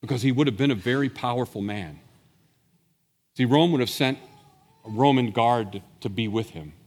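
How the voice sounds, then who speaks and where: A man preaching a sermon as a pastor, telling the story with animated energy and acting out the voices he quotes. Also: medium pitch, normal speed, in a large hall.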